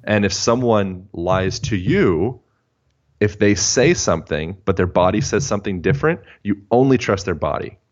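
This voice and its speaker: A man with a very low voice talks as a guest expert. He rambles and restarts his sentences as he works through his ideas. The recording sounds dull and lo-fi. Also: expressive, normal speed. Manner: rambling, thinking aloud with many restarts. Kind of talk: casual interview chat.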